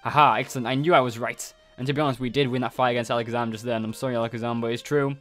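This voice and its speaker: A man hosting a let's play, excitable, reacting to the story with quick exclamations. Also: mid-range voice, soft background music.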